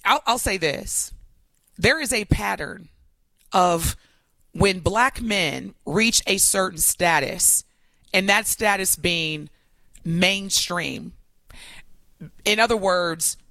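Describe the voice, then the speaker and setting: A woman co-hosting a talk show, making her points emphatically with animated, repeated phrasing. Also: mid-range voice, no room sound. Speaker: co-host. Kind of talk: opinionated talk show discussion.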